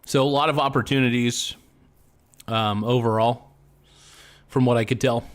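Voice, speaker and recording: A man's voice: medium pitch, fairly even intonation, normal speed. A young man hosting a casual livestream and chatting in a rambling, joking way, full of fillers. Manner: rambling, laid-back, joking, many fillers. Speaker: show host.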